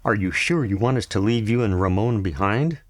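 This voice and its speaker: A man reading a novel aloud and voicing a bitter village uncle who speaks softly with contained anger. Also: on the low side, brisk, natural voice. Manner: soft-spoken but bitter. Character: angry middle-aged village man, quietly furious uncle.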